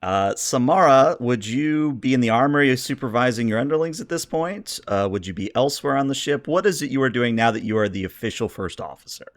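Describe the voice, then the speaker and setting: A man running a tabletop game as game master, who sets scenes and asks players what their characters are doing in a relaxed, conversational way. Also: mid-range voice, a little fast, hardly any pauses, no echo, clean studio sound.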